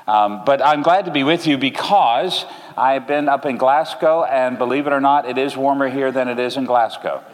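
Joking American preacher in a hall. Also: male voice, medium pitch, a little hiss or hum. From Orlando, Florida. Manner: relaxed and joking, with slow deliberate delivery. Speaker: guest preacher. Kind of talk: sermon. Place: church. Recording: reverberant church hall.

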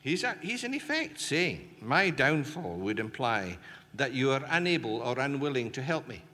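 A man preaches an impassioned sermon, hurling emphatic rhetorical questions at his listeners in a mid-range voice with big pitch swings and a sharp tone at normal speed. The recording is in a reverberant hall with faint ambient noise.

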